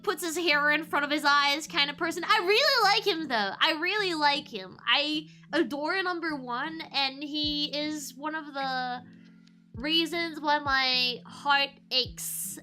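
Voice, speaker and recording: A woman's voice: high voice, bright, forceful tone. A woman streamer casually recapping a show in a chatty, rambling way.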